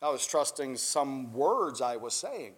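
A man's voice: mid-range voice, very animated, a little slow, breathy edge. A man preaching a sermon as pastor, earnest and building to emphatic peaks.

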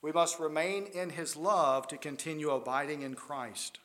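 A man preaching a sermon in a church, swinging between loud emphatic stretches and quiet, intense ones. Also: fairly high pitch, fairly even intonation, moderate pace.

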